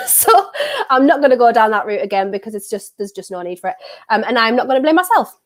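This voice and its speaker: A woman's voice: a little high, very animated, fast. A young woman with a British accent, chatting casually and rambling on a football watchalong live stream while she has a cold. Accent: British English. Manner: chatty and rambling, with frequent fillers.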